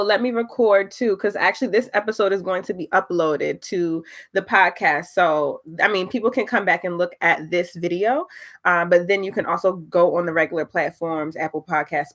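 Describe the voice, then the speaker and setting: A young woman hosting her podcast on a livestream, chatting in an excitable, slangy way that is close to tears of joy. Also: fairly low pitch. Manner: excitable, laughing, emotional, slangy. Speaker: podcast host. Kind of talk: casual livestream chat.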